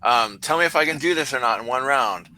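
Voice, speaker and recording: A man's voice: medium pitch, animated, brisk, bright, forceful tone. A man playing in a tabletop game, talking in an eager, direct way. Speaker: player. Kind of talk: casual tabletop game chat.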